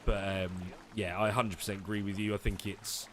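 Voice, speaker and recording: A man's voice: on the low side, brisk, a little hiss or hum. A man live-streaming a zoo-building game, chatting casually with viewers and laughing often. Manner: relaxed and chatty, hedging with fillers and laughing often.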